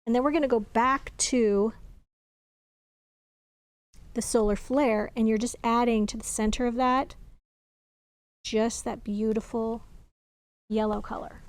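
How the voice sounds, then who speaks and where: A woman's voice: a little high, steady tone, measured pace, long pauses. Chatty woman demonstrating card crafting. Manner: chatty, talks while working, thinks aloud. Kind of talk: casual crafting tutorial.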